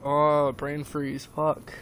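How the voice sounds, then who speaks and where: A man's voice: fairly high pitch, monotone, very slow, a bit bright, slight background noise. Rambling young man streaming, agitated. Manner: rambling and agitated, many fillers and restarts. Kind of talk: casual stream chat, retelling a conversation.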